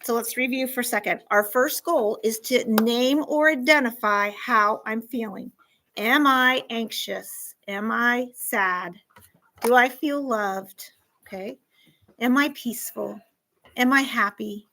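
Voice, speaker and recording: Lively woman teaching fourth graders. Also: a little high, slow pace, low-quality recording. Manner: animated, acts out scenarios, asks the class questions. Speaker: school counselor teaching a class. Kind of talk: classroom lesson to fourth graders.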